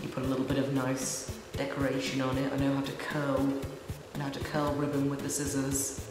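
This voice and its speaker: A man's voice: mid-range voice, completely flat delivery, fairly quick. A young man in casual chat, chatty and playfully boastful as a cosplay vlogger. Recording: echoey room with long reverb, music behind.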